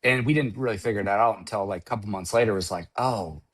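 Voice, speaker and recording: Middle-aged man guest, low voice, rambling storyteller, casual chat. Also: rapid-fire. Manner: rambling, restarts often, storytelling. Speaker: guest driver. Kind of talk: casual conversation.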